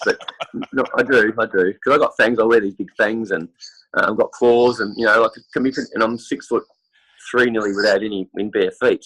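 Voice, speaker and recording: A man's voice: on the low side, a bit bright, husky, low-quality recording. An Australian man with a cold, a podcast guest telling rambling stories in casual chat, full of fillers and restarts. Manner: rambling, chatty storytelling with many fillers. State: has a cold, clears throat. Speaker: interview guest, football superfan.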